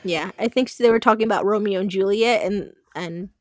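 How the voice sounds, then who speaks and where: A woman co-hosting a podcast in casual chat, animated, laughing often and swearing freely. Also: medium pitch, a little fast, dry recording, clean studio sound. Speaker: podcast co-host.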